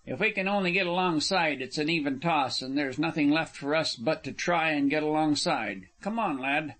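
A man voicing a bold, shrewd male fish patrolman who gives quiet orders and dry retorts. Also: fairly high pitch, moderate pace, lightly acted.

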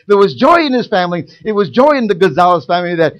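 A man preaching a sermon in a church, building from quiet, drawn-out lines to loud, fervent shouting. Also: high-pitched, sing-song. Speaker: pastor. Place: church sanctuary.

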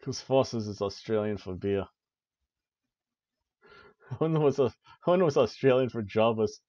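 A man's voice: mid-range voice, expressive, normal speed, warm tone, no room sound, dull audio. A young man hosting a wrestling review podcast, giving casual, joking play-by-play with lots of fillers. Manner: rambling, joking, frequent "uh" and "like".

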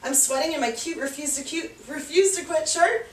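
Breathless, high-voiced woman fitness instructor. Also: fairly quick, roomy sound, recorded from a distance. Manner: upbeat, encouraging, counting reps aloud. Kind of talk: workout class instruction.

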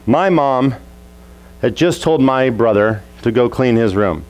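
Telling a childhood story as his sermon, a male pastor acts out each scene and does quick impressions of the people in it, family members included. His voice sits at an ordinary middle pitch for a man, he's animated throughout, and the recording is rough.

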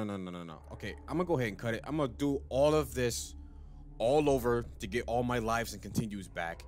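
Excitable man narrating his gameplay. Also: medium pitch. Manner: excitable, talks to himself while playing. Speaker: gaming channel host. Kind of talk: let's play commentary.

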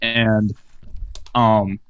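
Man in his 20s, podcast guest, low voice, animated, swears a lot, video call. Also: drawn-out words, clean tone, muffled recording. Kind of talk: casual storytelling chat.

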